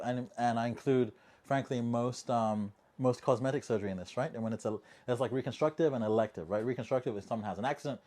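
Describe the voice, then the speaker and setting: A man hosting a casual monologue video, chatty and jokey, tossing in rhetorical asides and swinging between quiet remarks and loud bursts. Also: medium pitch. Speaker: language-learning video host.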